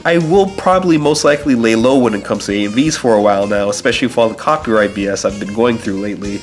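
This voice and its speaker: A man hosting his own channel, reading a scripted update in a steady, earnest way while sounding sick. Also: medium pitch. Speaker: channel host. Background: faint background music.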